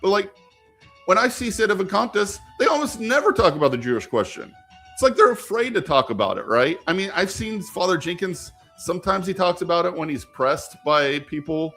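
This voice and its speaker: A man's voice: high-pitched, big pitch swings, brisk, fairly bright tone, faint music behind. A man hosting a casual live stream while gaming, rambling with many fillers and turning emphatic when he argues.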